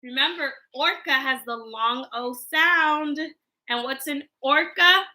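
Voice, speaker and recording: A woman teaching young children over a livestream, playful and sing-song, acting out each word of an alphabet warm-up. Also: high-pitched, takes it slowly. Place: home livestream.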